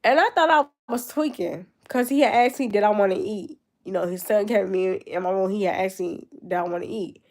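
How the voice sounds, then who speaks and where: Young woman with a creaky, stuffy voice. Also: mid-range voice, fairly quick, hardly any pauses, a little mellow. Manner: rambling, answering chat comments. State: stuffy-nosed with a cold. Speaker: livestreamer. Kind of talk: casual chat with viewers.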